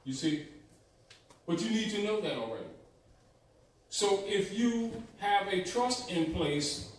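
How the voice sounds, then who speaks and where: An emphatic male lecturer who repeats his points and keeps checking in with his class. His voice sits a little high and sounds distant in a very echoey room. A faint hum runs underneath. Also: expressive, takes it slowly. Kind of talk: teaching lecture.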